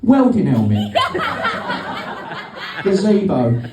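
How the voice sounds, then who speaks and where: A man's voice: fairly high pitch, sing-song, slow pace, heavy background noise. A middle-aged man doing a rambling, sweary, sardonic stand-up comedy set on a club stage. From Britain. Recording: roomy stage sound from a distance.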